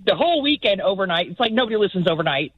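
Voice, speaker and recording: A woman calling in to a radio show, chatty and animated about the overnight broadcasts. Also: medium pitch, very fast, no echo. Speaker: caller. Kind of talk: phone call-in. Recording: muffled phone line.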